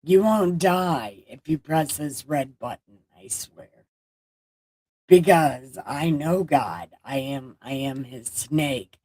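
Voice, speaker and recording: A woman voicing a smooth-talking male serpent in a comic retelling, speaking softly and coaxingly. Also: low voice, takes it slowly, hardly any pauses, dry recording, heavily acted.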